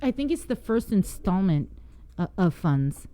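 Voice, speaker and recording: A woman's voice: medium pitch, very animated, unhurried, dark tone. A woman co-hosting a radio show, answering a caller hesitantly, thinking aloud with fillers. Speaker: radio co-host.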